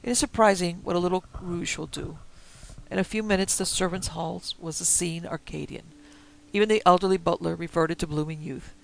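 A man reading a Victorian-style story aloud in a measured, quiet manner. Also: sits high, fairly even intonation, vocal fry, poor audio. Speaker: narrator.

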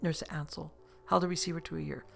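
A narrator reading a novel aloud in an even, measured storytelling manner. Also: mid-range voice, gravelly. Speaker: audiobook narrator.

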